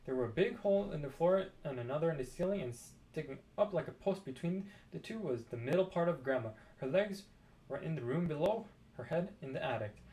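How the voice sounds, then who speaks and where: A man reading a children's book aloud, expressive with dramatic pauses. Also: on the high side. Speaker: storybook reader.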